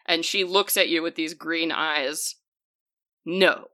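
A woman narrating a tabletop game as game master, describing scenes in a slow, hushed storytelling manner. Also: low-pitched, no echo.

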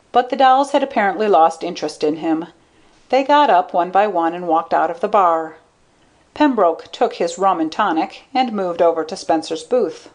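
A woman narrating an audiobook story in an even, steady manner. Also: fairly low pitch, normal speed.

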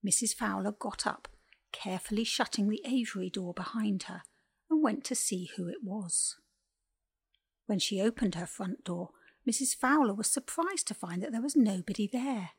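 A woman reading a scripted children's animal story slowly and gently. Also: mid-range voice, lively intonation, husky.

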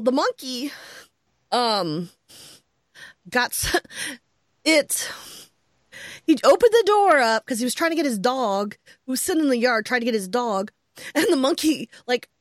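A woman co-hosting a podcast from home, telling a story in a lively, exclaiming way and laughing often. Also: high-pitched, unhurried, long pauses, no echo. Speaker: podcast co-host. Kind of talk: casual chat. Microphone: headset earphones.

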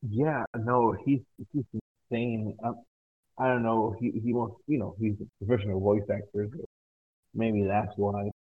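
A young man chats casually in a podcast, halting and restarting his sentences as he thinks. His voice sits a little low. It comes through thin and tinny, like a phone line. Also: fairly even intonation. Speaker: tabletop game master.

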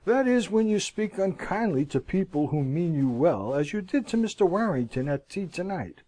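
A man reading as a gentle elder sister. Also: high voice, big pitch swings, normal speed, dry recording. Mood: gentle reproach. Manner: mild, coaxing reproach. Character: gentle, sensible elder sister, young woman. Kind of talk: audiobook reading.

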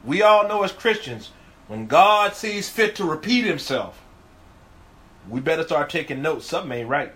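A male pastor with a notably high voice for a man teaches through scripture in a video sermon. He is earnest and emphatic, and he circles back to repeat his key phrases for weight. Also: very animated, moderate pace, sharp tone.

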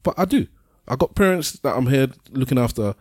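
A middle-aged man co-hosting a casual podcast chat, talking in halting bursts and repeating words as he starts a point. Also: medium pitch, expressive, darkish tone, slightly rough, no echo, clean studio sound. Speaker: podcast co-host.

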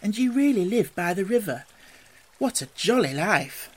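A reader voicing a timid, wide-eyed young male mole who speaks eagerly and excitedly, full of wonder, in a storybook reading. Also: medium pitch, normal speed, pitched above the performer's own voice.

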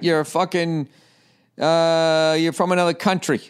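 A male podcast host in a rambling comedic rant, swearing freely and dripping with sarcasm. His voice sits high for a man. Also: animated, normal speed, smooth.

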